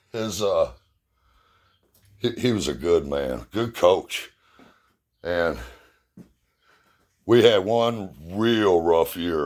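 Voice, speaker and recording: A middle-aged man casually telling a personal story in a blunt, plainspoken way, cursing freely. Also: low-pitched. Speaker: youth baseball parent and assistant coach.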